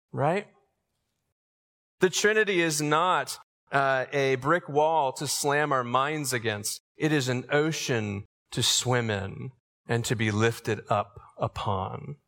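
A man's voice: medium pitch, creaky, a bit bright. A man preaching an earnest sermon to his congregation, building to emphatic calls. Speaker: pastor. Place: church sanctuary. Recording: long reverb of a large church.

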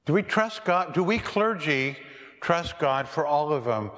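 A man's voice: a little high, expressive, a little slow, a bit bright, long reverb tail. A male pastor preaching a sermon, telling stories and asking his listeners rhetorical questions. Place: church.

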